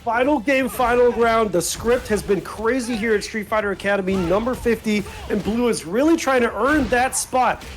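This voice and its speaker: Male esports caster, high-pitched, playful and loose, over stream music. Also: normal speed, few pauses. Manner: joking, switches between hype and low asides. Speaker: esports commentator. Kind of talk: casual play-by-play commentary. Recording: music playing underneath.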